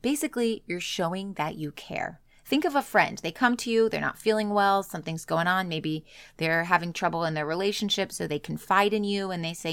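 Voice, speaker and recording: A woman coach speaks earnestly to her audience, pressing her points with emphasis. Her voice has a gravelly fry at the edges. The recording is dry and close, with no room sound. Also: mid-range voice, expressive, brisk, no room sound. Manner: earnest, emphatic, acts out quoted reactions. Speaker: business coach. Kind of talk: motivational solo talk.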